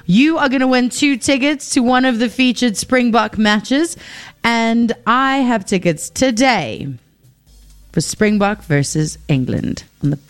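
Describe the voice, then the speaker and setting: A woman's voice: on the high side, animated, measured pace, clear, resonant tone. A woman radio DJ presenting in a chatty, upbeat and casual way. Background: faint music.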